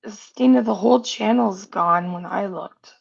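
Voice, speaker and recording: Slow, gravelly-voiced outspoken woman host. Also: mid-range voice, lo-fi sound. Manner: blunt, outspoken. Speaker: livestream host. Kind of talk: casual livestream chat.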